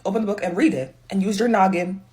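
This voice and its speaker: A young woman talks in a loose, slangy reaction style, quick to get exasperated. Her voice sits at an ordinary middle pitch. She sounds like an excited fan recapping a show. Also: slight background noise. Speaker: pop culture commentator. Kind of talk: casual reaction chat.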